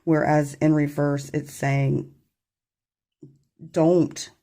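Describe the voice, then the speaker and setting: With a low, gravelly, somewhat mellow voice, a woman takes her time on an informal tarot reading for her camera. She chats and rambles, apologizing whenever she gets tongue-tied, and the sound comes from the camera mic.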